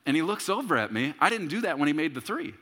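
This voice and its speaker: A man in his thirties preaching a sermon as a pastor, telling a story with humor and bursts of shouting. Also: fairly high pitch, sing-song, fast, in a large hall.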